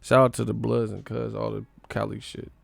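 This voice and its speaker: Man, live-stream host, gravelly, mid pitch, dry close sound, profane joking chat. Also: monotone, normal speed, dry recording. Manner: profane, joking, mocking chat in silly high voices. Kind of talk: casual live-stream chat reading comments.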